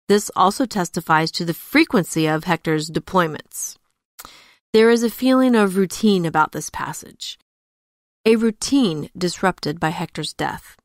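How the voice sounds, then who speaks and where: A woman hosting a storytelling podcast, narrating and commenting in a measured, reflective way. Her voice is low and gravelly, recorded close and dry. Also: dry recording.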